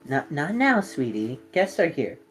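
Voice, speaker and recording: A woman's voice: deep voice, very animated, unhurried, slightly rough, exaggerated voice. A man voicing a polite, fussing middle-aged mother who welcomes guests into her kitchen. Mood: flustered. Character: friendly middle-aged mother, poofy-haired host.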